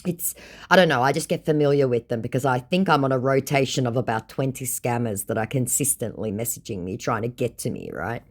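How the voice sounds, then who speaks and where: A woman's voice: extremely low pitch, a little fast. A woman narrating chat logs from her scam-baiting conversations in a sarcastic, mocking tone. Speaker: scambaiting video creator.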